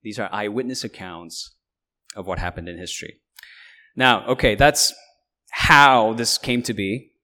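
A man preaching a sermon, conversational and halting, with frequent fillers and restarts. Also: fairly low pitch, pushed and bright. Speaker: pastor.

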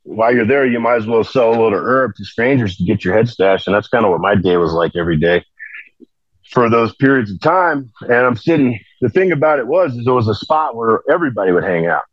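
A man's voice: medium pitch, expressive, a little fast, dry recording, muffled recording. A man telling a long, rambling story in casual conversation, full of fillers and restarts. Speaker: podcast guest telling stories.

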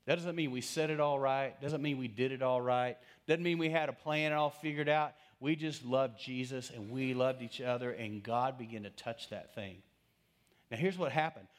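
A middle-aged man preaching a sermon as pastor, telling stories with dramatic swings between loud passages and hushed asides. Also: mid-range voice, moderate pace. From Texas.

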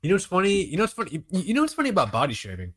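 A man co-hosting a podcast in casual chat, animated and joking, swearing freely and laughing easily. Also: high voice, very fast. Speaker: podcast co-host.

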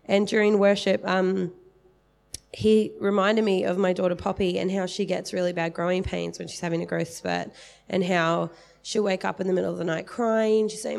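Gravelly chatty woman. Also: mid-range voice, steady tone, a little fast, darkish tone. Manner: chatty, rambling, many fillers and laughs. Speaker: church member giving testimony. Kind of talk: casual spoken testimony.

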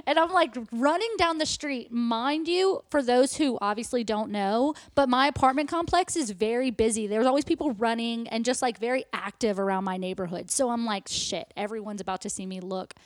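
A young woman casually telling a story to a friend, animated and full of "like" fillers. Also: fairly high pitch, normal speed, few pauses, no room sound, clean studio sound. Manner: animated, lots of "like" fillers, laughs easily.

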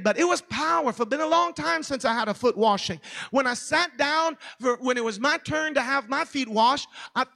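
A man with a Southern American accent preaching a revival sermon in a church, in a preachy cadence that builds to shouting. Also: extremely high pitch, big-room sound. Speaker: pastor. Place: church hall.

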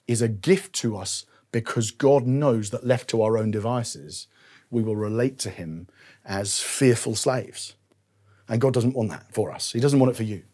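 Man, forties, preacher, conversational sermon, slightly husky voice, mid-pitched, personal and self-deprecating. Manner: warm, personal storytelling with self-deprecating asides.

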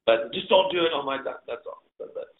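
Chef telling a lively story on a tinny line. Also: male voice, on the high side, fairly quick, a little hiss or hum. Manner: animated, laughing storyteller who acts out his own shouting. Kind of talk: casual storytelling. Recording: tinny phone-like line in an echoey room.

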